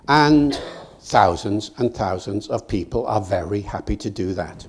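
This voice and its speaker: An older British man giving a public lecture, telling stories in a lively, digressive way with acted quotes. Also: on the low side, normal speed, husky. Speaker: guest lecturer. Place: lecture hall.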